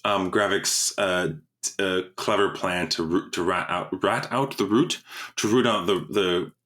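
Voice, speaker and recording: Podcast co-host: man, very low voice, rambling casual chat. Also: unhurried, a bit bright. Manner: rambling, stumbles over words, laughs often.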